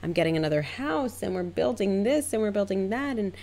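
A woman's voice: mid-range voice, animated, a little fast, warm tone, pitched above the performer's own voice, close to an everyday voice. Woman mimicking a haughty rich client. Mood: bragging. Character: haughty wealthy woman salon client, bragging.

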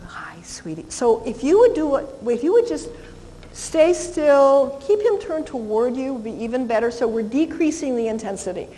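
A woman's voice: high voice, animated, normal speed, warm tone. Cheerful woman dog trainer in a hall. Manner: cheerful, talks to the dog in a sweet voice. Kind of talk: live training seminar demonstration.

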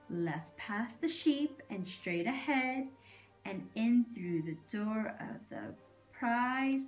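A woman voicing a pair of sneaky male thieves who murmur their plan low and hushed, in a picture-book reading. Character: two sneaky male thieves plotting in whispers.

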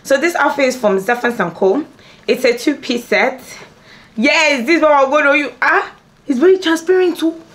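A woman's voice: high voice, moderate pace, a bit bright. A young woman in a casual behind-the-scenes vlog, chatting playfully to her viewers while getting ready at home. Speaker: beauty and lifestyle vlogger. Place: at home, among her filming lights.

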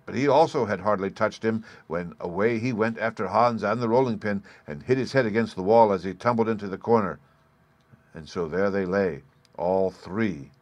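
Low-voiced man reading a fairy tale. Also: dry recording. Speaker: audiobook reader. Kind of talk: scripted fairy tale narration.

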